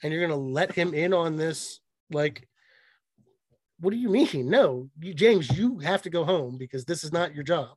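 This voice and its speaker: A man co-hosting a podcast in casual chat, excited and profane, mocking what he talks about. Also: on the high side, breathy edge, no echo. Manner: excited, profane, mocking, quick bursts of mimicry. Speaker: podcast co-host.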